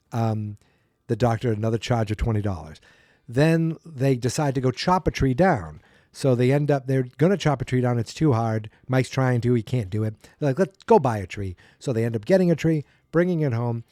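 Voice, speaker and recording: Dark-voiced man recapping a sitcom episode. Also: no echo, clean studio sound. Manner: rambling, acts out quotes in higher voices. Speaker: podcast host.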